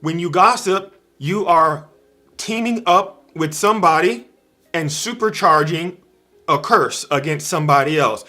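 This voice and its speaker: A man's voice: fairly high pitch, a little slow, bright, forceful tone. A man giving an informal livestream sermon, emphatic and repeating his key phrases. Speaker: preacher on a livestream.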